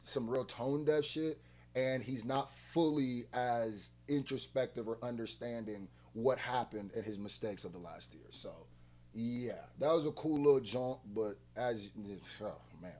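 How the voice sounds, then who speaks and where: A man's voice: mid-range voice, unhurried. A man hosting a music reaction video, ranting hard with heavy profanity. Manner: heated, profane ranting, often loud. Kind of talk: reaction commentary.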